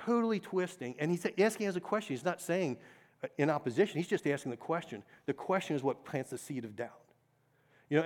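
A man preaching a sermon, earnest, asking the congregation questions and repeating key phrases. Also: on the high side.

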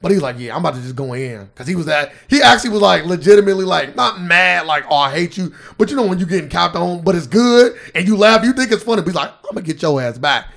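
A man hosting a podcast in casual chat, telling stories animatedly and acting out quotes loudly. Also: high-pitched, expressive, quick pace, creaky, few pauses. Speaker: podcast host.

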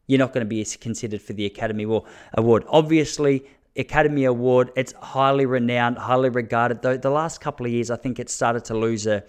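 With a medium pitch and an Australian accent, this thirty-something comedian and podcast host rambles through stories in a relaxed monologue, lively and talkative with frequent restarts.

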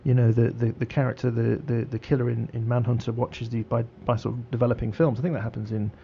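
Gravelly-voiced radio host. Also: male voice, medium pitch, flat delivery, lo-fi sound, a little hiss or hum. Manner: halting, many fillers and restarts. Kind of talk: casual radio chat.

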